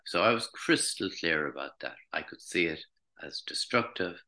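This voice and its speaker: A man in his sixties speaks in a very deep voice that still has a sharp, bright edge. He recalls his past in a personal storytelling style, pausing and restarting as he feels his way through each thought. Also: expressive. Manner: reflective, hesitant, with restarts. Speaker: former teacher recounting recovery.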